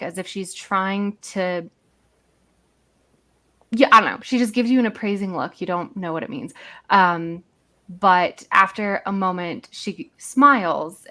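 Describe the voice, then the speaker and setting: A woman's voice: medium pitch, a bit bright. A woman narrating as game master in a loose, chatty way, thinking aloud as she goes.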